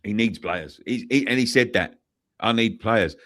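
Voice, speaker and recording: A man's voice: fairly low pitch, normal speed, a bit bright, no room sound, studio quality. A man, co-hosting a fan channel and sharing theories in casual football debate. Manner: chatty, repeats himself, theorizing.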